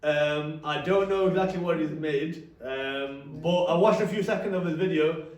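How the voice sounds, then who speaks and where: Young man, high voice, chatty audience-facing talk, caught from a distance. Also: moderate pace. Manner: conversational, asks the audience questions. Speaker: speaker giving an Islamic youth talk. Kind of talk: interactive talk to a youth audience. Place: hall or classroom with a live audience. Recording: echoey room, speaker off-mic.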